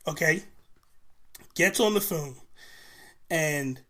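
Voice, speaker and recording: A man's voice: a little high, normal speed, a bit bright. A man in his forties, a podcast guest in casual chat, telling stories animatedly and swearing freely. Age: 40s.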